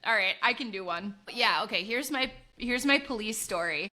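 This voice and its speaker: A woman's voice: mid-range voice, animated, moderate pace, pushed and bright. A woman in her thirties, a podcast co-host, telling a story in casual chat, laughing often and acting out her own past voice.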